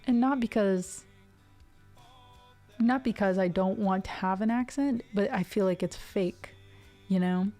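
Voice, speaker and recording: Her mid-range voice is mellow and unhurried, and she pauses often over soft background music. She's a music streamer in her twenties from Ohio, speaking neutral General American. The talk is a casual, rambling live stream chat packed with tangents and filler words.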